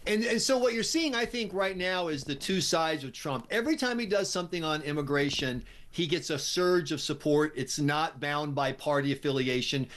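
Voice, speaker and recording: An American man appearing as a guest commentator on talk radio, speaking in a brisk, wry, opinionated way. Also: a little high, fairly bright tone, a little hiss or hum. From United States.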